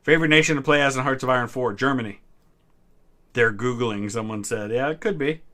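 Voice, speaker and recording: Male host, 30s, from the US Midwest, bright tone, relaxed trivia-stream chatter. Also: mid-range voice, a little fast. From Ohio, US Midwest. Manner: relaxed, answers chat questions with small hesitations. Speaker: history channel host. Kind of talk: casual live-stream trivia chat.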